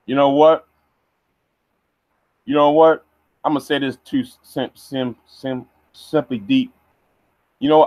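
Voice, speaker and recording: A man's voice: medium pitch, darkish tone, no echo. A man ranting on a livestream, heated and stammering, repeating words as he goes. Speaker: vlogger.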